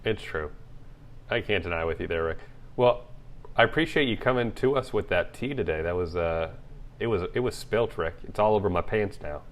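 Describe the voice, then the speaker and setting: Dry-humored young man, low voice. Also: moderate pace. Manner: dry, teasing, low-key. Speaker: podcast co-host. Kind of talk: casual chat.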